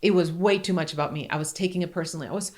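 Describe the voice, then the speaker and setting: A middle-aged woman co-hosting a podcast speaks rapid-fire in a steady, darkish tone. Her conversational manner is earnest and emphatic, and her pitch rises whenever she makes a point.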